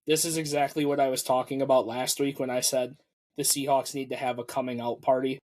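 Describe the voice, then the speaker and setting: A man in casual sports podcast chat, stating his view plainly and with confidence. His voice is of ordinary, middle pitch. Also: flat delivery, a little fast, darkish tone. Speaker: podcast co-host.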